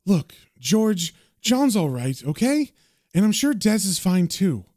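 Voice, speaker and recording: A man's voice: sits high, sing-song, slow, darkish tone, no room sound, clean studio sound, voice pushed up, heavily acted. A man putting on a kindly barmaid's voice. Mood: concerned. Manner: soothing, reassuring. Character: woman behind a pub counter, kindly.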